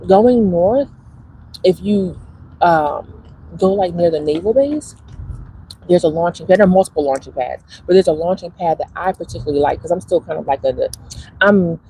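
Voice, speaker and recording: A woman's voice: deep voice, vocal fry, mellow, breathy edge, low-quality recording. A woman vlogging outdoors by a bay, chatting casually and laughing, calling her viewers girl and y'all. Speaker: spiritual content creator. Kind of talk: casual outdoor vlog chat. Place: outdoors by a bay near an airport.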